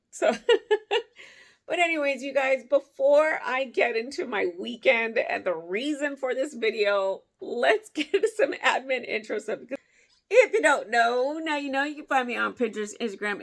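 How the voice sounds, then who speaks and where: A woman's voice: on the high side, animated, normal speed, gravelly, fairly bright tone. A woman in her thirties hosting her crafting channel, chatting casually and telling a heartfelt family story with laughs. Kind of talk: casual vlog chat.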